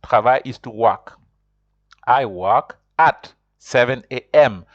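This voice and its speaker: A man's voice: medium pitch, normal speed, no room sound, muffled recording. A man teaching a beginners' French lesson online, explaining step by step and repeating himself often.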